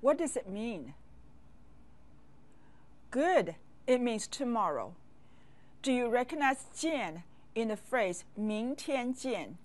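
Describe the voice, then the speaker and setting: A woman teaching a language lesson, speaking slowly and patiently and pausing for learners to repeat after her. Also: fairly high pitch, big pitch swings. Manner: slow, patient drills with pauses for repeating.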